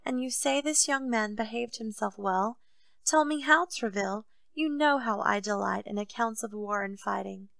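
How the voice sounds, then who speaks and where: A woman reading aloud voices a proud, excitable male king, asking eager questions and giving orders. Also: on the high side, moderate pace, vocal fry, dry recording.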